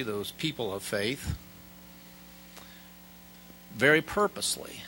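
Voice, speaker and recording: A man giving a formal speech at a prayer breakfast, speaking in a measured and emphatic way with pauses. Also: mid-range voice, sharp tone, slight background noise, low-quality recording. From United States.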